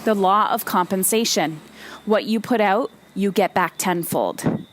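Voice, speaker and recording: A woman's voice: mid-range voice, a little slow. A woman hosting a solo motivational podcast, talking emphatically and bluntly, with some swearing and repeated phrases for emphasis. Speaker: podcast host and coach.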